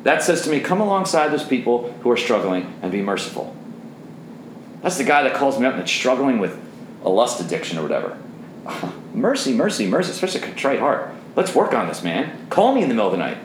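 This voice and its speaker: A middle-aged man leading a men's Bible study in an intense, zealous way, shifting between soft asides and forceful readings. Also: medium pitch, big pitch swings, fast. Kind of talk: teaching a Bible study to a group of men. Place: roomy room with a seated group. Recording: roomy echo, faint background noise.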